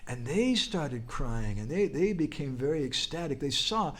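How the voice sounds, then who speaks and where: Animated man telling a sermon story. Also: unhurried. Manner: animated, leaps high and loud when quoting and crying out; humorous asides, prompts listeners with "huh?". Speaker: speaker at a religious festival.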